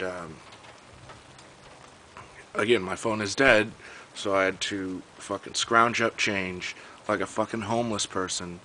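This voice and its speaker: A man's voice: on the low side, bright, forceful tone, slight background noise, poor audio. A young man telling a story in a casual, profane, exasperated rant.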